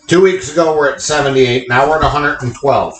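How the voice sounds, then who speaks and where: A man co-hosts a casual home podcast, tossing out crude jokes and banter. His voice is bright and forceful. The room adds a noticeable echo. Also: a little high, a little fast. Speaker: podcast co-host. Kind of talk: casual chat.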